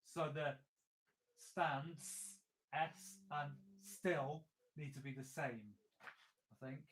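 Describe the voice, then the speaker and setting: A man leading an online choir rehearsal, patiently breaking the lines into syllables and speaking each phrase slowly as an example. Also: on the high side, fairly even intonation, fairly bright tone, slight background noise, poor audio. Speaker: choir leader. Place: home, remote rehearsal. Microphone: video call.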